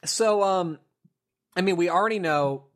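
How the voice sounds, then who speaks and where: A young man hosting a casual podcast, animated and laughing, with lots of fillers. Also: high-pitched, unhurried. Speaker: podcast host. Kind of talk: casual chat.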